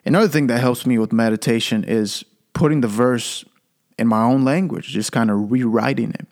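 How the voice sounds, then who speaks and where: A man's voice: mid-range voice, moderate pace, a little mellow. A man hosting a Christian podcast, giving an earnest devotional teaching and repeating key phrases for emphasis, with occasional stammered restarts.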